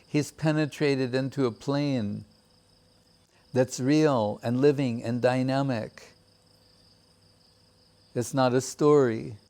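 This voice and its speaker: A man giving a measured, reflective devotional talk with many pauses. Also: mid-range voice, dark tone. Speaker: spiritual teacher. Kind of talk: devotional discourse.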